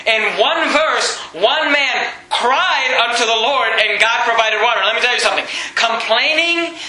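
A man's voice: very high-pitched, moderate pace, bright, forceful tone. A man preaching a sermon, emphatic and repetitive, reading scripture aloud between points. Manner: emphatic, repeats words, reads scripture aloud. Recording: echoey room.

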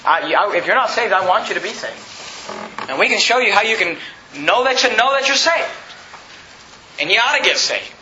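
Preacher guy with a really high, bright voice firing off questions, echoey church room. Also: lively intonation, normal speed, long pauses, muffled recording, a little hiss or hum. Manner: preaching with rising emphasis and rhetorical questions. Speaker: pastor. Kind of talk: sermon. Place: church sanctuary.

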